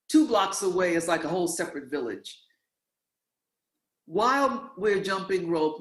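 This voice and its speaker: Animated man telling a story in an echoey room. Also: sits high. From New York. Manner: animated, acts out quoted voices. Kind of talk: conversational storytelling. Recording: roomy echo.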